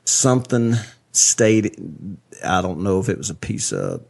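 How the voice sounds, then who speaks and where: A man in easy conversation whose low voice carries a gravelly, husky texture. He rambles through his stories and breaks into loud laughter. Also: huge pitch swings, a little slow. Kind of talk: casual chat.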